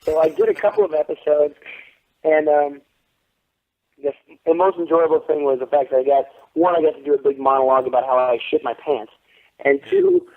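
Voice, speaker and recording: A man being interviewed as an actor, telling stories in a profane, animated way over the phone. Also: a little high, brisk. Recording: tinny phone line.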